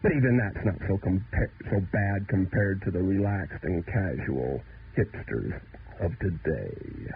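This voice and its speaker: Male radio host, husky voice, mock-indignant comic monologue, thin phone-like sound. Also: expressive, unhurried. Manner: mock-outraged ranting, jumping between pitches. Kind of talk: satirical comedic radio monologue. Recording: tinny lo-fi 1970s radio broadcast recording.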